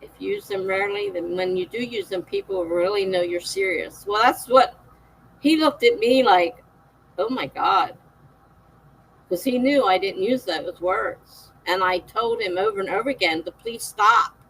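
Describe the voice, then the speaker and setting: A woman's voice: mid-range voice, animated, normal speed, slight background noise, low-quality recording. A middle-aged woman hosting a live stream, chatting casually with viewers, laughing often and reading out their comments.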